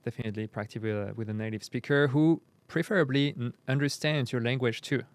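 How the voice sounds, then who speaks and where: A man with a Parisian French accent, a native French speaker, explaining as a guest in a casual chat, relaxed and a little hesitant. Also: medium pitch, fast, dry recording. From Paris, France. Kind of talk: casual conversation.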